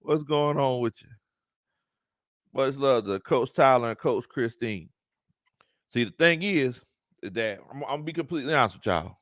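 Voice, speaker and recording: A man hosting a live sports talk stream, animated, laughing often and greeting his chat. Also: medium pitch, normal speed, long pauses, no echo, studio quality. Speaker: sports talk show host.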